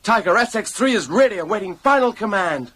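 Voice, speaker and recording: A man's voice: high-pitched, lively intonation, brisk, a bit bright, breathy edge, full character voice. A man voicing an earnest young male fighter pilot hero in a dubbed cartoon, with a stiff, commanding delivery.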